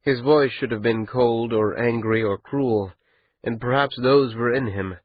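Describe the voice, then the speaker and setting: Husky male narrator for a fantasy audiobook, mid pitch, muffled recording. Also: measured pace, no echo. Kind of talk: scripted narration.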